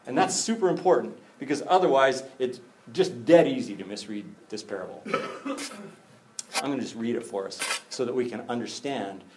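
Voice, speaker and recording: A man's voice: mid-range voice, normal speed, slight background noise. A man preaching to a congregation in an easygoing, conversational way. His voice sits in a middle register, and he bounces between jokes and serious points. He acts out little exchanges as he goes. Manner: animated, jokey asides, acts out dialogue. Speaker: pastor. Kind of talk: conversational sermon.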